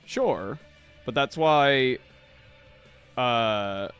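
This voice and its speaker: A man's voice: mid-range voice, expressive, drawn-out words, fairly bright tone, clear, resonant tone, muffled recording, soft background music. A man co-hosting a podcast, chatting casually and reading out viewer comments in a loose, rambling, profane way. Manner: loose, rambling and profane, with lots of "like" and "I don't know". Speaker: podcast co-host.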